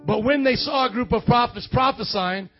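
A man preaching a lively charismatic sermon, with loud excited bursts and quiet musing asides. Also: normal speed. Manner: excitable, loud outbursts, then drops low to muse. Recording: dull lo-fi church recording with faint music.

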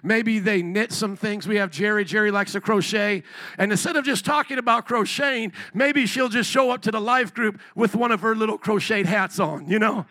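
A man preaching a sermon in a relaxed, conversational way, acting out the people he quotes and building up to shouts. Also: sits high, moderate pace, no room sound. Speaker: pastor. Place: church service.

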